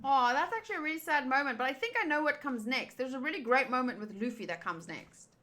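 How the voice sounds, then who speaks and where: A woman's voice: high-pitched, lively intonation, fast, sharp tone. A young woman reading a manga aloud and joking playfully in between. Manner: playful, giggly asides and jokes. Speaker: channel host. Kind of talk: manga readthrough with commentary.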